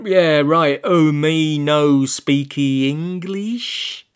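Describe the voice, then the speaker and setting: A man's voice: mid-range voice, unhurried, clean tone, close to an everyday voice. A man voicing a pair of shifty, evasive talking underpants claiming to be a Viking ghost, forever saying yeah. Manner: evasive, blustering, says yeah a lot.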